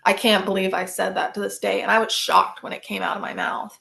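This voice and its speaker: A woman's voice: medium pitch, flat delivery, a little fast, creaky, sharp tone. A woman, a podcast guest, telling personal stories in a casual, rambling way, full of fillers and restarts.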